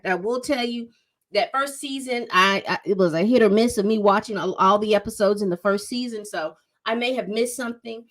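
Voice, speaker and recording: A woman casually recapping a TV episode, acting out the characters' lines as she tells it. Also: medium pitch. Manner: animated storytelling, acts out quotes. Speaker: TV recap vlogger.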